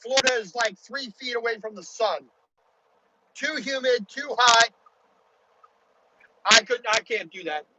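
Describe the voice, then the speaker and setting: A man from Baltimore with a very high-pitched voice talks casually from his truck cab. He rambles, restarting sentences and dropping "you know" often. Heavy engine and road rumble fills the background. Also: measured pace, pauses often. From Baltimore, USA. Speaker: truck driver. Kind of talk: casual vlog talk while driving.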